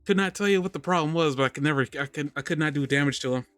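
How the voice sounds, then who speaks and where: A man's voice: fairly high pitch, racing, a bit bright, no echo, faint music behind. A man hosting a live podcast, chatting casually and rambling, restarting his sentences and laughing often. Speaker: podcast host. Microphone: studio microphone on a live stream.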